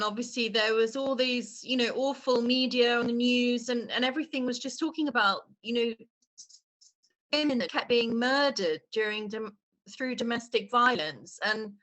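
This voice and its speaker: Woman performance artist, emotional and halting, on a video call. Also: fairly high pitch, a bit bright. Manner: earnest, halting with many restarts. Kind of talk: online exhibition talk.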